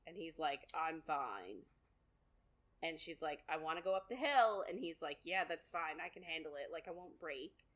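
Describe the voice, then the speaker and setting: A woman's voice: deep voice, expressive, moderate pace, fairly bright tone. A woman co-hosting a podcast, chatting casually through a book recap with lots of fillers and quoted asides. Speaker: podcast co-host.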